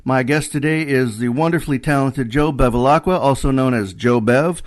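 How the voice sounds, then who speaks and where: A man's voice: medium pitch, normal speed. Easygoing man hosting a radio interview. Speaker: radio host. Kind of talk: casual interview.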